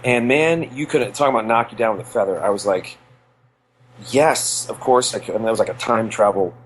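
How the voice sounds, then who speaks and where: A man's voice: lowish voice, brisk, a little hiss or hum, low-quality recording. A middle-aged man co-hosting a podcast, telling earnest stories in a rambling way with many restarts. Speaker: podcast co-host. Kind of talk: casual nostalgic chat.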